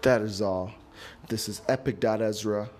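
A man hosting a solo motivational podcast, talking in an animated, playful way with sudden jumps in pitch. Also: normal speed, slight background noise. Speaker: podcast host.

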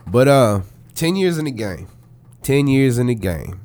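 A man's voice: mid-range voice, very animated, darkish tone. A man co-hosting an interview, asking questions and riffing with jokes in casual slang. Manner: joking, hyped, quick to riff. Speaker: podcast co-host.

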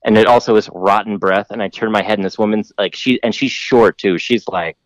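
A man's voice: fairly low pitch, fairly even intonation, fairly quick, no room sound, low-quality recording. A man hosting a podcast, telling a long story in a rambling, profane way full of fillers. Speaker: podcast host telling stories. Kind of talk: casual storytelling.

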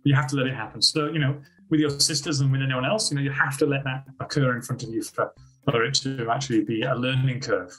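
A man with an Australian accent, a school principal telling lively stories as a podcast guest. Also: medium pitch, fast, low-quality recording. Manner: animated anecdotes with acted-out quotes. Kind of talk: casual interview storytelling.

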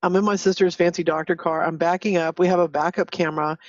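A woman co-host telling a story in a brash, animated way, swearing freely. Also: lowish voice, quick pace, no echo. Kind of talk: casual storytelling. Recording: dull, distant from the mic.

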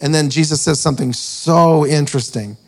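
A man's voice: a little high, fairly quick. A man preaching a storytelling sermon, chatty and self-mocking, often laughing at his own story. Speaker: preacher and author.

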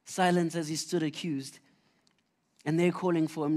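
A man's voice: on the high side, level tone, moderate pace, long pauses, darkish tone. A man preaching a conversational sermon, telling Bible stories earnestly with frequent restarts.

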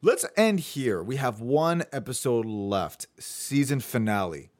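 A man's voice: medium pitch, sing-song, slow pace, a little mellow. A man hosting a casual podcast, running through his notes in a chatty way with fillers. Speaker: podcast host.

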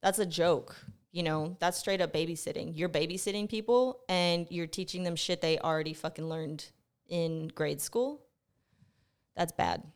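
Young woman ranting on her podcast, swears a lot, kinda low voice but smooth, close mic. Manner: profane, animated storytelling, rushes then slows. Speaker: podcast host. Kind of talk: casual rambling monologue. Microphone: close mic picking up breathing.

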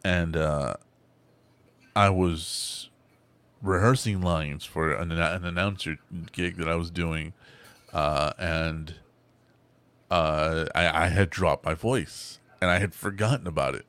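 A man with a very deep, low-pitched voice talks casually on a podcast as a voice actor and co-host. He tells stories loosely and sometimes drops into character voices. The sound is dry and close to the mic. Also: slow pace, fairly bright tone, dry recording. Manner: storytelling, slips into gravelly character voices.

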